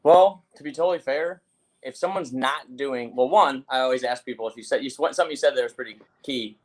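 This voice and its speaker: Podcast host, man, coach type: rapid delivery, direct questions, casual swearing. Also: medium pitch. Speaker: mental health coach, host.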